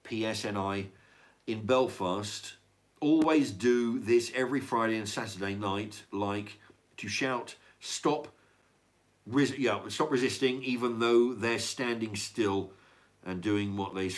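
Taking it slowly with a fairly low-pitched voice, an older man reads his viewers' comments aloud on a livestream. He chats casually, rambles, repeats himself and swears along the way.

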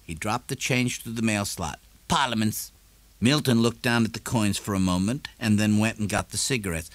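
A man reading a novel aloud in measured, lively storytelling narration. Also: fairly low pitch, no echo. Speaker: audiobook narrator. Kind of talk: scripted narration.

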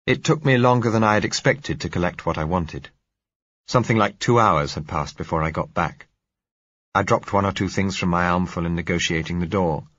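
A man reading a novel aloud in measured, first-person narration. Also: deep voice, fairly bright tone, no room sound. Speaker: audiobook narrator. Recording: dull lo-fi recording.

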